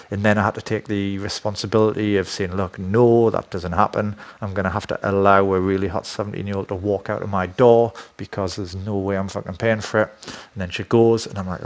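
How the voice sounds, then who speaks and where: A man's voice: fairly low pitch, steady tone, fairly quick. Blunt, profane man rambling on. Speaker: dating coach. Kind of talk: casual monologue.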